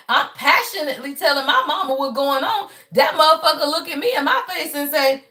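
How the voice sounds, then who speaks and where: Brief: high-voiced woman, blunt, profane tarot reader on a livestream, preachy and repetitive. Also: sing-song, fairly quick, few pauses, sharp tone. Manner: blunt, profane, preachy, repeats "y'all" and "right?". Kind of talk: live spiritual reading, casual chat.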